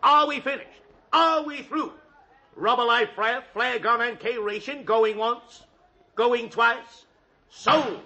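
An actor playing a showy male auctioneer in a radio comedy, running booming sales patter. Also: slow pace, pushed and bright, full character voice. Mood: selling. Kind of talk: 1940s radio comedy acting.

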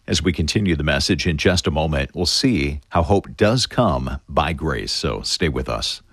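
Deep, husky male radio announcer. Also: lively intonation, moderate pace, fairly bright tone, no room sound, clean studio sound. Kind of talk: scripted broadcast announcement.

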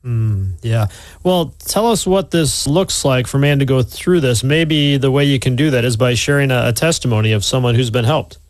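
A man hosting a Christian radio interview show, speaking calmly and briefly. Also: mid-range voice, moderate pace, no room sound. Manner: calm, brief affirmations. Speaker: radio host.

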